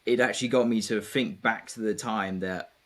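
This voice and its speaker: Low-voiced reflective man. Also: fairly even intonation, normal speed, fairly bright tone. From England. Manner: reflective, many fillers and hesitations. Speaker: guest. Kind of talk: casual conversation.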